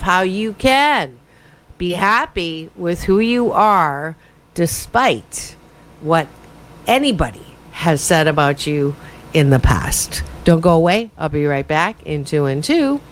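A woman hosting a morning talk radio show as a happiness coach, talking in an animated, self-promoting, conversational way with frequent fillers. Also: fairly low pitch, slow pace, low-quality recording. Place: radio studio.

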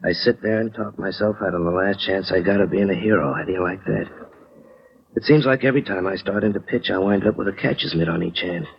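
An actor playing a blunt, streetwise working-class family man in 1940s radio-drama style, with a husky voice, on a lo-fi old broadcast. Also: sits low, heavily acted. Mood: defiant. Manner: blunt, streetwise slang, quick to bristle.

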